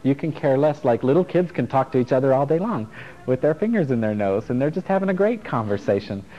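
A man's voice: mid-range voice, lively intonation, fairly quick. A middle-aged man teaching a casual self-help workshop to a group, frank and playful, swearing and chuckling as he goes. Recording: dull lo-fi recording with faint music.

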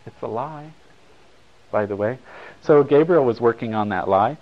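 Man giving a talk: casual, wry, digressive storyteller. Medium pitch, slightly dull recording. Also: expressive, moderate pace. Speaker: speaker at a talk.

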